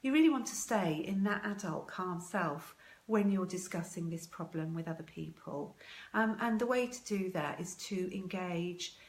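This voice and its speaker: A woman giving parents advice in a live video talk, calm, slow and measured, pausing with many ums as she guides a breathing exercise. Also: on the low side. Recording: echoey room.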